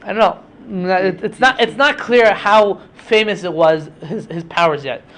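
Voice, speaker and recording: High-voiced man telling a story. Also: normal speed, a bit bright. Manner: chatty, with frequent fillers and asides. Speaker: teacher. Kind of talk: casual storytelling lesson.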